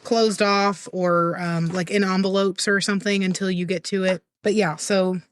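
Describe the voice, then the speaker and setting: A young woman co-hosting a podcast in casual chat, easygoing and quick to laugh and agree. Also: medium pitch, steady tone, clear, resonant tone, no room sound. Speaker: podcast co-host.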